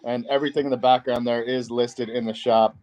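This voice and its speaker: A man's voice: medium pitch, level tone, brisk, a little mellow, lo-fi sound, soft background music. A man hosting a live-stream auction, greeting viewers by name and rattling off card names.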